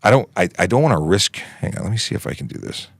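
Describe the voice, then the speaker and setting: A man's voice: fairly low pitch, lively intonation, fast, no echo, clean studio sound. A man in his forties, a police constable hosting a casual livestream Q&A, talking in a chatty, rambling way with joking asides and restarts. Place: podcasting station in a studio.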